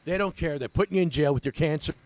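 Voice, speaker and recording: A man's voice: on the high side, fast talker, darkish tone, no room sound. A man ranting with sarcasm as a cannabis patient activist, livestreaming from an outdoor protest on his phone.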